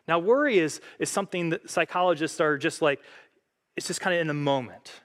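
A man's voice: brisk, fairly bright tone. A man pastor preaching a sermon in an earnest way, reading scripture aloud and lifting his voice as he quotes it. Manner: earnest, reads scripture aloud, rises in pitch and force when quoting.

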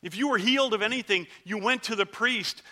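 Speaking a little fast and acting it heavily, a high-voiced man takes on the role of a leper, one of ten, narrating his own story in a dramatic first-person sermon. The mood is earnest, and like a vivid storyteller he cries out the plea before going quiet.

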